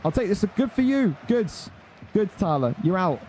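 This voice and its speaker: A man's voice: high voice, sing-song, normal speed, a little mellow, a little hiss or hum. An irritated young man, swearing and scolding his chat during an esports tournament stream. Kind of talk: angry ranting at chat on stream.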